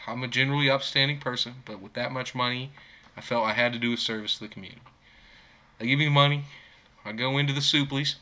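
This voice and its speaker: An 18-year-old man telling a tall tale in a casual podcast chat, joking with a deadpan delivery. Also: medium pitch. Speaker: podcast guest.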